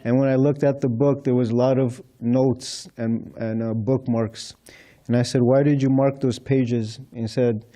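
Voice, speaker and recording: A man speaks at normal speed in a warm, medium-pitched voice that barely moves in pitch. He is a temple speaker giving a storytelling talk in a temple hall, sharing anecdotes and retold conversations with gentle chuckles.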